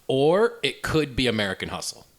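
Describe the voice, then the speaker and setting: A man's voice: mid-range voice, sing-song, a little fast. A man co-hosting a casual movie podcast, talking loosely with laughs and filler ums. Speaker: podcast co-host.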